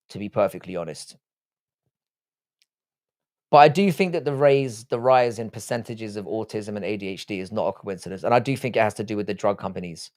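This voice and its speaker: A young man hosting a live stream and answering the chat from his desk mic. He talks bluntly and crudely in a joking tone, swearing freely. His voice sits at a middle pitch. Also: a little mellow. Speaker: livestream host reading chat. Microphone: desk microphone, seated.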